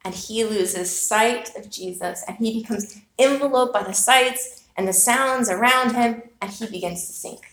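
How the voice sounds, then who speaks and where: This woman's voice sits on the high side, fairly bright and unhurried. In an echoey room she preaches a sermon, recounting a personal story with earnest rhetorical questions meant for reflection.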